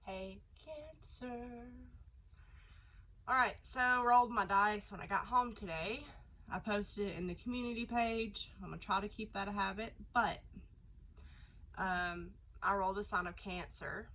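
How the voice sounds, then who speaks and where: A woman's voice: medium pitch, normal speed, pushed and bright, slight background noise, poor audio. A woman doing a casual tarot reading, her voice nasal from a cold, chatty and rambling with lots of fillers. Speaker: tarot reader.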